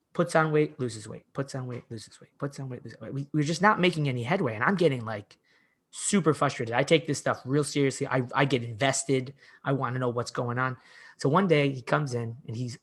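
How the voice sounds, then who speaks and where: Animated man telling coaching stories. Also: medium pitch. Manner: animated storyteller, heavy use of "like", frequent restarts. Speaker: fitness coach, podcast guest. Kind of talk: casual conversational storytelling.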